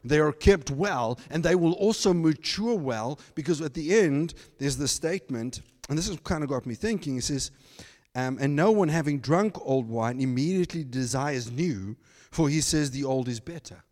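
A man preaching a sermon as pastor, animated, slipping into mocking asides in put-on voices. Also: fairly high pitch, normal speed, in a large hall. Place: church.

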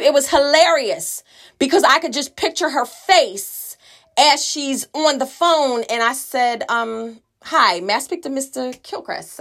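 A woman's voice: fairly high pitch, a bit bright. A middle-aged woman telling a personal family story in a conversational way, acting out the voices of the people she quotes. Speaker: listener sharing a story.

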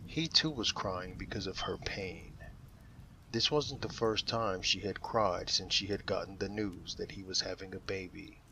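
A man reading a dramatic story aloud in a measured, emotive way. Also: deep voice, gravelly, bright, forceful tone, slight background noise, low-quality recording. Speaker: narrator.

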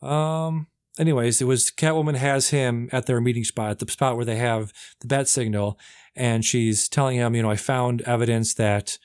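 A man's voice: mid-range voice, fairly even intonation, moderate pace, a little mellow, clean tone, no echo. Rambling man in a dry room. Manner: rambling, with many fillers and acted quotes. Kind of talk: casual chat, retelling a movie plot.

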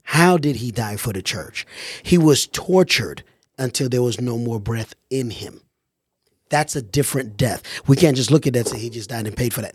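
A man's voice: medium pitch, expressive, moderate pace, breathy edge, dry recording, clean studio sound. A man, a karate instructor, talking in a casual faith-based discussion and preaching emphatically about scripture. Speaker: karate instructor and podcast co-host.

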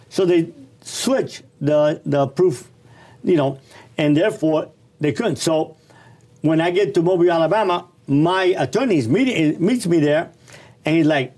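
A middle-aged man telling his life story in a casual, animated, slangy and blunt way. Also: fairly high pitch, unhurried.

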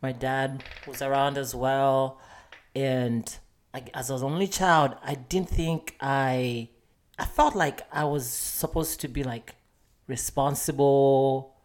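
A man's voice: mid-range voice, steady tone, slow. Earnest young man on a podcast. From Malawi. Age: 20s. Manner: earnest, reflective, laughs easily. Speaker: podcast co-host. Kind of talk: casual chat.

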